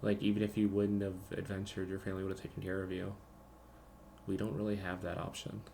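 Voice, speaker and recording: A man voicing a weary young woman mercenary with a gravelly, scarred voice, sounding resigned in a tabletop game. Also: low voice, flat delivery, a little fast, darkish tone, a little hiss or hum. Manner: resigned, pleading.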